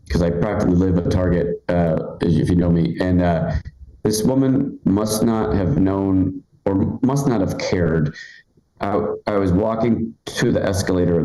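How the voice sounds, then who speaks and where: A man's voice: low voice, mellow, echoey room, low-quality recording. A man in his forties doing a live stand-up set, chatty and rambling, full of fillers and restarts. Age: 40s. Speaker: stand-up comedian. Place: comedy club stage.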